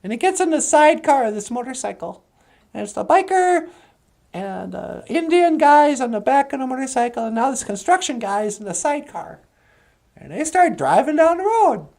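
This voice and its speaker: A woman's voice: high voice, big pitch swings, normal speed, darkish tone. A woman rambling through a comedic story as a cartoon narrator, chatty and offhand. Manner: chatty and rambling, switching into character voices.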